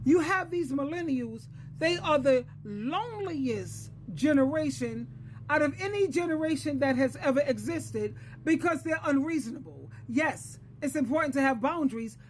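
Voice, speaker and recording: A woman's voice: high voice, slight background noise. A woman in her sixties, an advice coach and Christian counselor, giving a solo advice talk in an earnest, lecturing way and repeating phrases for emphasis. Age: 60s.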